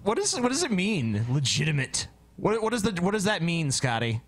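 A man's voice: high-pitched, wildly swooping pitch, moderate pace, dry recording. Sarcastic, teasing podcast man. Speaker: podcast co-host. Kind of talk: casual podcast banter.

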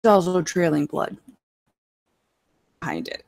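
A woman's voice: lowish voice, sing-song, unhurried, creaky, darkish tone, no room sound. A woman narrating as dungeon master in a tabletop game, describing scenes in a laid-back way and laughing often.

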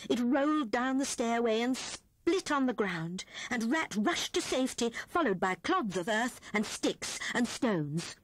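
Lady reading a kids storybook, slow and sing-songy, dry close studio sound. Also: on the high side, dry recording. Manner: lively, expressive storytelling. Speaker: audiobook reader. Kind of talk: children's story narration. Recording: 1970s cassette audiobook, dry studio.

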